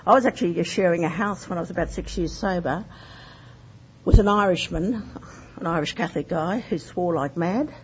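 A woman's voice: on the low side, normal speed. A woman sharing her recovery story in a candid, rambling way, full of fillers. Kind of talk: personal testimony. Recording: dull lo-fi recording with faint noise.

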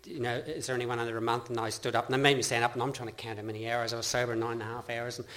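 A middle-aged Australian man speaks at a meeting, telling his own story in an earnest, rambling way. He often restarts his sentences and breaks into laughter, and his voice sits at an ordinary middle pitch. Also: level tone, rapid-fire, a bit bright. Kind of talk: personal testimony talk.

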